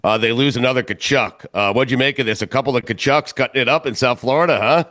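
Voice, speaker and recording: A man hosting a sports radio show in casual chat, asking questions with a relaxed, hesitant delivery. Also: mid-range voice, fast. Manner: relaxed, asks questions with filler uhs.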